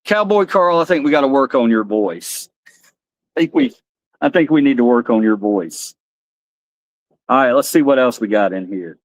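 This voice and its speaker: A male streamer chatting loosely with viewers, joking and laughing at his own antics. His voice moves a lot in pitch, and the sound is dry and close to the mic. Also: animated, moderate pace, long pauses, no room sound. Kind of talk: casual live-stream chat.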